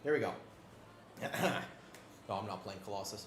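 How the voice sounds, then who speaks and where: A man's voice: on the low side, moderate pace, noisy background. A young man streaming live, chatting playfully with his viewers and reacting aloud to their messages. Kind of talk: casual livestream chat with viewers.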